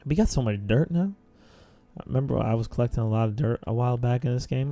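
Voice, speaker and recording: A man's voice: mid-range voice, fast, gravelly, mellow. A man rambling philosophically in casual chat while playing a video game, full of "like" fillers. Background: faint game music.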